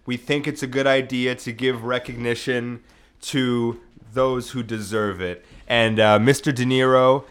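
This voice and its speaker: Man riffing deadpan comedy banter. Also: medium pitch, unhurried, clear, resonant tone. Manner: deadpan, tells tall tales with put-on quotes. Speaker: comedy podcast co-host.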